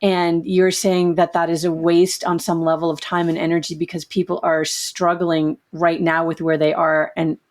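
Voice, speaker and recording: A woman's voice: lowish voice, flat delivery, normal speed, hardly any pauses. A woman hosting an interview, responding in a reflective, affirming way. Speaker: host. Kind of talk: interview conversation.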